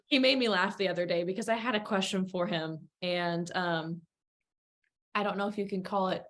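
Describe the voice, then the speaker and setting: A woman hosting an interview, chatting casually about her police work in a hesitant, halting way with many fillers. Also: on the low side. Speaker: podcast host, working officer.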